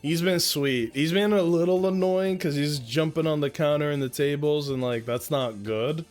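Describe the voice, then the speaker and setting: A young man with a fairly high voice talks loosely to his stream from home. He slips into cooing baby talk for his pet and drops casual swears. Faint music plays behind him. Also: moderate pace, darkish tone. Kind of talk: casual chat to viewers. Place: at home indoors. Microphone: desk mic, handled up close.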